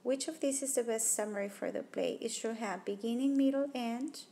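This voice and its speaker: A woman's voice: a little high, a little fast, warm tone, slight background noise. A woman teacher talking through test questions, reasoning aloud about each answer choice and ruling them out one by one. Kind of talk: test-prep walkthrough lesson. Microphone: tablet microphone.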